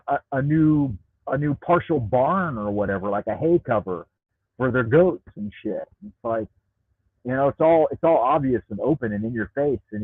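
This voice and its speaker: Through a Bluetooth headset with tinny, dry audio, an American man hosting a livestream reads chat and rants, swearing and rambling. His mid-range voice is slightly rough, and he repeats words when he gets worked up.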